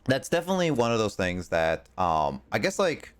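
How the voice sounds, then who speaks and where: A man's voice: lowish voice, very animated, normal speed, clear, resonant tone. A male streamer chatting casually while playing a game, rambling with plenty of fillers. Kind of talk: casual chat while gaming.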